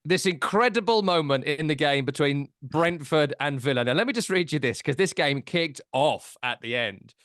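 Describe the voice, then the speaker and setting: A man's voice: a little high, lively intonation, normal speed, few pauses, a bit bright, no echo. Wry man recounting football events. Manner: dry, wry storytelling, listing events. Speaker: podcast co-host. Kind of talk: casual football chat.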